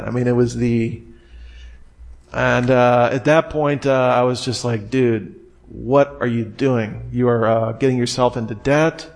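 A man preaching a sermon with a middle-pitched voice. He talks in a conversational way, with fillers, and pushes his pitch up sharply when he stresses a point or acts surprised. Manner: animated, rises in pitch for emphasis and mock surprise. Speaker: pastor.

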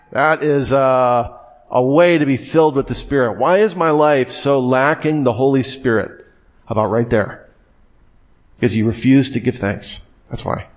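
A young man delivers a sermon in a relaxed, conversational way, voice at an ordinary middle pitch. He keeps turning to the listeners with questions and slips into the imagined inner voices of reluctant churchgoers. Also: measured pace. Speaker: preacher.

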